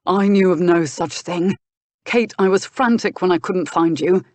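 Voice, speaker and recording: A woman narrator voicing an earnest young gentleman who presses urgently for answers. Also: fairly low pitch, a little slow, dry recording, natural voice. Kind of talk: audiobook dialogue reading.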